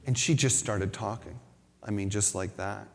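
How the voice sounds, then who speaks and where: A spiritual speaker in a large hall at a spiritual center gives a reflective talk, sharing a personal story with self-deprecating humor. His voice is fairly low with vocal fry, and he speaks at a moderate pace. The hall adds a long reverb to the recording.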